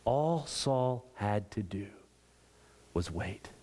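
A man preaching a sermon, retelling a scripture story with animated emphasis. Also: lowish voice, drawn-out words, slight background noise.

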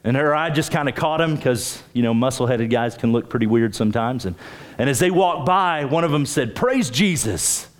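Male pastor mid-sermon, average pitch, builds emphasis on key points, restarts his phrases. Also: fairly quick. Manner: emphatic, rising pitch on key points, repeats words when starting phrases.

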